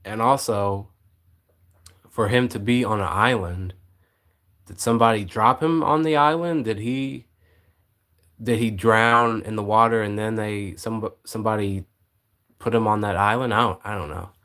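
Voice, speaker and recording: A man's voice: on the low side, normal speed, long pauses, a bit bright. A man co-hosting a livestream, talking casually and hesitantly as he thinks aloud. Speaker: livestream co-host.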